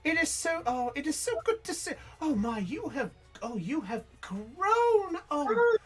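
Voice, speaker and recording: High, quavering young woman NPC, gushy and stammering, lively voice. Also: unhurried, over music. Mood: gushing, teary. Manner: effusive, stammering. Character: adult woman with long red hair, gushing and teary.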